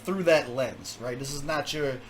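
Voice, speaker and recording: A man hosting a music reaction video, talking casually with jokes, laughter and quick asides. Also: medium pitch, slight background noise. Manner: animated, laughing, joking asides.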